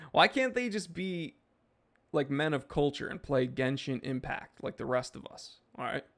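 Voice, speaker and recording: A man's voice: on the high side, expressive, a little slow. A man hosting a live stream, reading chat messages and answering in a laid-back, rambling way with lots of fillers.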